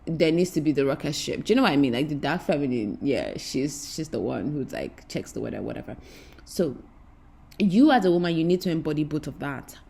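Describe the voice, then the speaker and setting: A woman's voice: deep voice, expressive, a little fast, gravelly, darkish tone, breathy edge. A woman speaking as a spiritual teacher in an impassioned, repetitive, preacherly way, addressing her listeners directly. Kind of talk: spiritual talk to camera.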